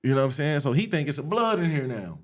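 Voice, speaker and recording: A man's voice: a little high, fast talker. Man telling a street story. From Los Angeles area. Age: adult, after an 18-year sentence. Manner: animated, streetwise, profane retelling. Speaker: podcast guest. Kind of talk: casual storytelling interview.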